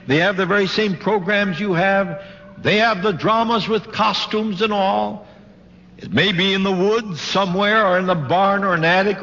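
A man's voice: sits high, fairly bright tone. An older man giving a sermon to a congregation, retelling a story with dramatic quoted voices. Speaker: preacher giving a talk. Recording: old lo-fi recording in a large reverberant hall.

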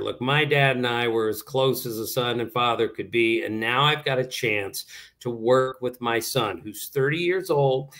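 A man in his sixties from Maryland, a baseball writer telling stories in a casual interview and acting out what people said. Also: medium pitch. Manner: animated, tells anecdotes and puts on voices for quoted people.

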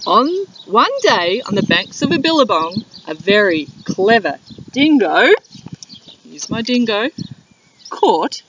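An Australian woman, a primary school teacher, reading a picture book aloud to young children in a playground, speaking warmly and encouragingly. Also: medium pitch. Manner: warm, encouraging, slow and clear. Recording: dull lo-fi with wind noise outdoors.

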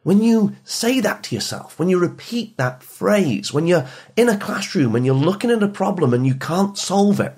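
A man speaking as a motivational speaker to teenagers and parents, emphatic and repetitive, sometimes dropping soft for emphasis. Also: high voice, animated, normal speed, few pauses, husky. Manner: emphatic, repeats phrases, drops soft for emphasis. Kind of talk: motivational podcast talk.

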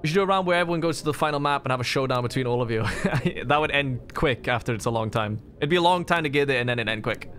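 A man streaming a game, chatting with friends in quick, sarcastic banter. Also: medium pitch, lively intonation, a bit bright, a little hiss or hum. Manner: sarcastic, fast-talking banter. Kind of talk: casual gaming chat.

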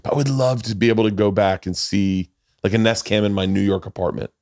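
A man's voice: lowish voice, steady tone, fast talker, a little mellow, dry recording, studio quality. A man in his forties hosting a podcast, chatting casually, rambling through stories, swearing freely and acting out quotes. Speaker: podcast host. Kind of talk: casual chat.

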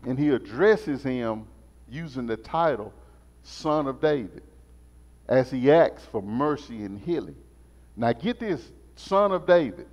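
A man teaching a Sunday school lesson as a sermon, animated and repetitive in a call-and-response style. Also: medium pitch. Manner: animated, call-and-response preaching, repeats phrases. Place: church sanctuary. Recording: muffled sound in a reverberant church.

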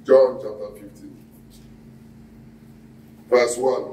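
A man's voice: a little high, moderate pace, long pauses, a little mellow, slight background noise. A man, a pastor preaching a sermon and quizzing the congregation in call-and-response. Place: church hall. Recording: echoey hall, mic at a distance.

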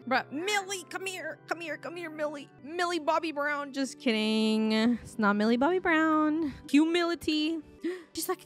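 Woman game streamer, high voice, excitable and chatty, light music underneath. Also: unhurried. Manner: excitable, chatty, gasps and laughs often. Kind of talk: casual gameplay commentary.

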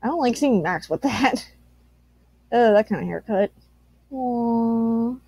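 A woman's voice: a little high, slow, vocal fry, a little mellow, slightly rough. A woman giving casual commentary on fan art, gushing and cooing with some casual swearing. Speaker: YouTuber reacting to fan art.

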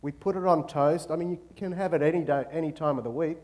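A young Australian man works the crowd in a university auditorium, his voice sitting a little higher than most men's. He jokes and teases the room while he teaches. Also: fast talker, a little mellow. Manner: joking, audience-engaging. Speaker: guest speaker. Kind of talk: lively lecture to students.

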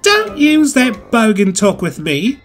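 A narrator voicing a proud female Australian express engine who talks in a brisk, scolding, prim way. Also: medium pitch, sing-song, pitched above the performer's own voice, lightly acted. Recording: music playing underneath.

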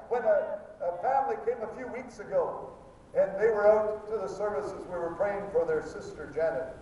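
An older man preaching a fervent sermon as pastor, swinging between shouts and a soft, confiding storytelling voice. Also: moderate pace. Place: church sanctuary. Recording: echoey hall from far off, dull sound, faint rumble.

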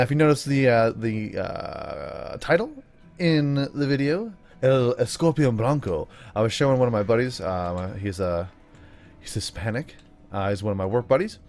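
A young man chatting through his own gameplay in an upbeat manner, breaking into whoops and yells when the fighting starts. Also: fairly low pitch. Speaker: gaming YouTuber. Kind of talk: let's play commentary.

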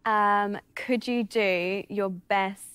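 An Australian woman on a filmed date, giving dares in an unhurried, giggly way. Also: medium pitch, steady tone, a bit bright, clean tone, dry recording. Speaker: dating show contestant. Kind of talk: playful date banter.

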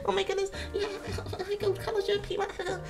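A man's voice: completely flat delivery, quick pace, gravelly, music in the background. A man doing a squealing giggly young waitress. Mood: giggly mocking. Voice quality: high squealing falsetto with giggles.

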